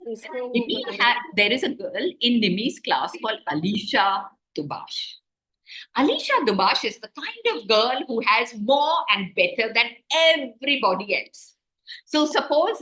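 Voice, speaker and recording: Animated woman telling a story to children. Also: fairly high pitch. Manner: animated, asks the children questions. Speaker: children's author. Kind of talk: storytelling to children on a video call. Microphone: video call.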